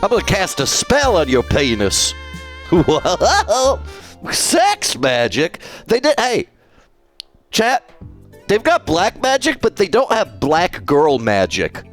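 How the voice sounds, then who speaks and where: A man's voice: sits high, wildly swooping pitch, takes it slowly, soft background music. A man streaming live, chatting casually and jokily with his chat. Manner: playful, jokey, talks to chat.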